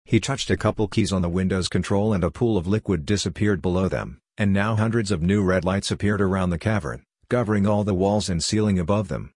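A man narrating a science-fiction story in plain, even scripted narration. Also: sits low, brisk, hardly any pauses, no echo, clean studio sound.

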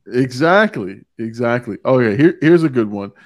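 A podcast host chats casually about a movie in an animated voice at medium pitch and normal speed. He laughs often and reads quotes aloud during this relaxed movie review.

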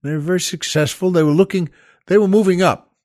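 Brief: male comic host, somewhat high voice, dry close recording, halting rambling storyteller. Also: a little mellow, dry recording. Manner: halting, full of fillers and restarts, chuckling asides. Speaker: comedian host.

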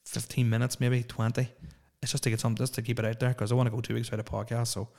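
A man's voice: mid-range voice, level tone, racing, creaky, a little mellow. A man, hosting a solo podcast and ranting in a profane, opinionated, rambling way. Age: 30s. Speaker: podcast host.

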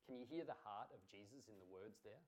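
A man's voice: fairly low pitch, lively intonation, quick pace. Earnest man preaching a sermon. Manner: earnest, emphatic preaching with rhetorical questions.

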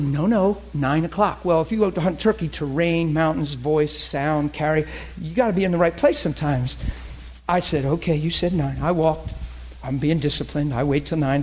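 A man in his forties, a preacher, telling stories in a sermon in a chatty, animated way and acting out the dialogue. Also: a little high. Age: 40s. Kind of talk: sermon storytelling.

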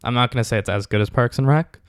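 A man's voice: mid-range voice, fast, clear, resonant tone, dry recording, studio quality. A young man chatting casually as a podcast co-host, retelling scenes with acted-out quotes. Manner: animated storytelling, acts out quotes. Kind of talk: casual chat.

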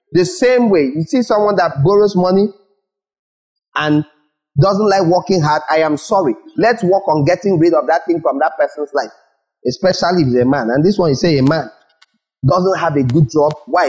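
A man's voice: fairly high pitch, a little mellow, poor audio. A man from Nigeria preaching a sermon as pastor, acting out little scenes and repeating words for emphasis.

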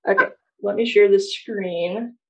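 A woman's voice: medium pitch, fairly even intonation, unhurried, a bit bright, roomy sound, recorded from a distance. A woman co-hosting a casual chat, playful and self-deprecating, often laughing as she talks. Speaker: podcast co-host.

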